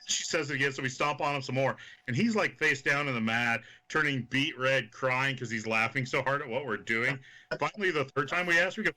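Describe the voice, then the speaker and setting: Guest wrestler, male, from Kansas, sharp bright tone, swears and acts out quotes. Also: medium pitch, quick pace. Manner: animated, swearing anecdotes full of quoted voices. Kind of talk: casual storytelling chat.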